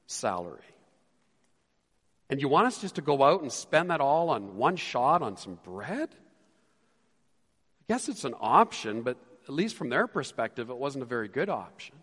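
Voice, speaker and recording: Animated man preaching a sermon. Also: fairly high pitch, slightly rough, long reverb tail. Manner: animated, acts out disciples' lines with shifts in voice. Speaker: pastor.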